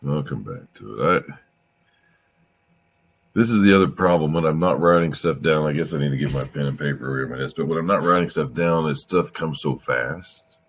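Tired middle-aged guy rambling on his podcast late at night, super deep and gravelly, faint hiss behind. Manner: weary, halting, emotional and self-interrupting. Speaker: podcast host.

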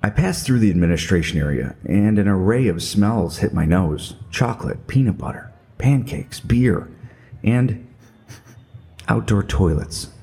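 A man's voice: on the low side, animated, unhurried, vocal fry, warm tone. A middle-aged man telling a scripted comedic story in a wry, self-mocking way. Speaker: podcast narrator.

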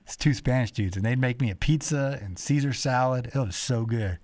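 A man hosting a podcast, telling rambling, animated stories full of quoted voices. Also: mid-range voice, a little fast, no room sound, studio quality. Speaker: podcast host. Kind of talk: casual storytelling chat.

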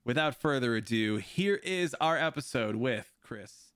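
A man's voice: medium pitch, lively intonation, measured pace, fairly bright tone, no room sound, studio quality. A man hosting a podcast in casual chat, rambling loosely, laughing often and swearing. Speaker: podcast host. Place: home streaming setup.

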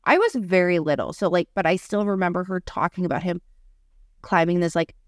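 A woman's voice: lowish voice, lively intonation, fairly quick, dry recording, studio quality. A woman hosting a podcast, telling a personal story in a casual, chatty way, full of "like". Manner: chatty, heavy use of "like". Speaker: podcast host.

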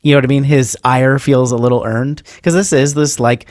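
A man's voice: medium pitch, fairly even intonation, brisk, darkish tone, no room sound. Laid-back male podcast co-host, dry sound. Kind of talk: casual movie discussion.

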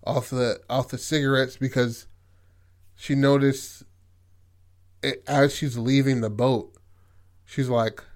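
A man's voice: mid-range voice, flat delivery, slow, pauses often. A man casually retelling a movie's plot as a podcast host, in a loose, profane way full of filler phrases. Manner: loose and profane, full of "like" and "you know what I mean".

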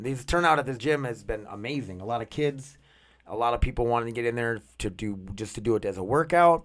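A man hosting his own podcast, talking alone in a rambling, loose way with lots of swearing. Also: fairly low pitch. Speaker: podcast host. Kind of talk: casual solo podcast monologue. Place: outdoors walking dogs.

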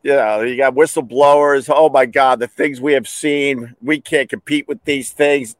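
A man hosting a casual comedic monologue, talking animatedly and breaking into shouted bits. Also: medium pitch, steady tone, moderate pace, few pauses, no room sound. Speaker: host.

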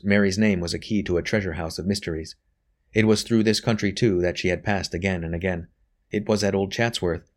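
A male narrator with a very low, deep voice reads a novel aloud. His delivery is steady and even, in the manner of a scripted audiobook.

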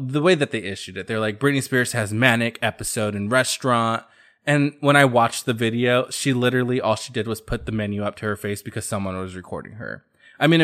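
A man hosting a podcast, chatting casually and sassily about pop culture gossip. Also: mid-range voice. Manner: sassy, chatty, animated storytelling. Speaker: podcast host.

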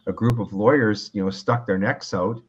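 A man from Canada with a very low voice talks law in a calm, measured way, often restarting his sentences as he builds an explanation. The audio sounds a little dull and lo-fi, like a remote connection. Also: slightly rough. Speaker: lawyer guest. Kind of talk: casual interview talk.

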